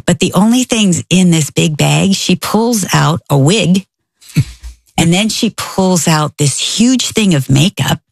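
A middle-aged woman telling a personal story in casual chat, animated and slipping into the voices of the people she quotes. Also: lowish voice, takes it slowly, vocal fry, dry recording, clean studio sound. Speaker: storyteller guest.

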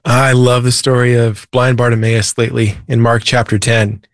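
A man's voice: medium pitch, flat delivery, normal speed, no echo, studio quality. A man, a Christian author and preacher, earnestly retelling a Bible story as a guest in an interview. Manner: earnest, retells scripture with quoted voices.

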